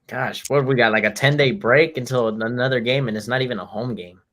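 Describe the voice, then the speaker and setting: Jokey, animated man telling stories. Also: mid-range voice, brisk. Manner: animated storyteller, jokey, swears. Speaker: podcast co-host. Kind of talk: casual chat.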